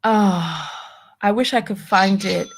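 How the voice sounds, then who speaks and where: A woman's voice: mid-range voice, slow pace, a little hiss or hum. A woman hosting a casual commentary show, talking wryly with rhetorical questions and reading out viewer donations. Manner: talkative, wry, rhetorical questions. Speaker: show host.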